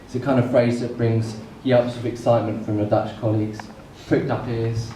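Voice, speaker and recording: An English stand-up comedian tells stories with comic pauses to an audience on a comedy club stage. His medium-pitched male voice is flat in delivery and dark in tone. The recording is noisy and echoey, with the mic far off.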